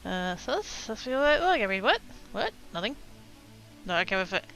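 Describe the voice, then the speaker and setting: Lively chatty Australian woman. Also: medium pitch, moderate pace, vocal fry, soft background music, poor audio. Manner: chatty, laughs often, reads chat aloud. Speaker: crafting livestreamer. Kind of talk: casual chat while stamping.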